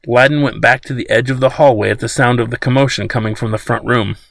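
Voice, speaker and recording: A man narrating an audiobook in a steady storytelling manner. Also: medium pitch, fast, gravelly, no room sound.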